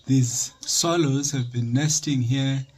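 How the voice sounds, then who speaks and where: A man's voice: medium pitch, slow pace, breathy edge. A man casually describing what he points out, in a plain, descriptive way. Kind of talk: casual on-site explanation.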